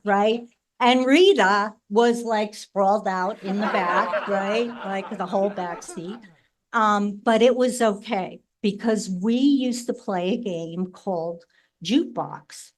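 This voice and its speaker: A woman's voice: medium pitch, slow, fairly bright tone. A woman in her sixties from New Jersey telling family stories at a memorial, chatty and laughing, often adding "right?" to her sentences. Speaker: sibling speaking at a memorial. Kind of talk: memorial tribute, personal storytelling.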